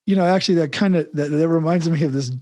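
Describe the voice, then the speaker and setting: A man's voice: fairly high pitch, fast talker, dark tone, a little hiss or hum. A man hosting a podcast interview, talking casually in a rambling way with many restarts and chuckles. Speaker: podcast host.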